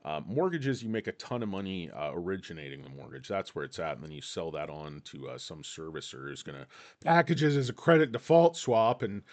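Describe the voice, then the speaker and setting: A man's voice: low-pitched, very animated, brisk, darkish tone. A man hosting casual stock commentary, reading an article aloud and rambling off into joking asides.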